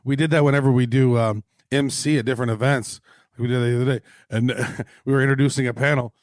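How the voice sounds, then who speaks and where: A man's voice: medium pitch, steady tone, fast talker, no room sound, clean studio sound. A man co-hosting a podcast, cracking playful jokes in casual banter. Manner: playful wisecracking. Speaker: podcast co-host.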